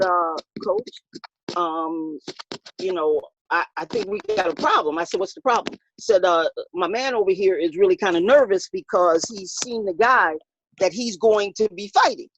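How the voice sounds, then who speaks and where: A woman boxing coach telling a story in an interview, animated, acting out the voices of the people in it and laughing often. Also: mid-range voice, muffled recording.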